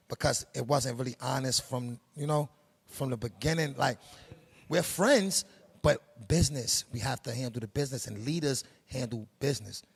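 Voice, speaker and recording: A man's voice: medium pitch, creaky, husky. A middle-aged man with a New York accent from Harlem, speaking casually and emphatically in an interview, full of street slang and life lessons. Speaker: production company head.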